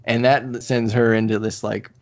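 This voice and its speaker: A podcast co-host with a mid-range voice walks through a manga's plot at normal speed, animatedly performing the characters' dialogue as he goes. The recording is lo-fi and a little dull.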